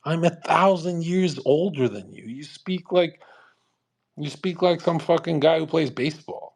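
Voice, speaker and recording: A brash man hosting a live audio chat, talking fast and profanely and mocking others with put-on voices. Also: on the high side, gravelly, a little mellow. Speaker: host of a live audio space.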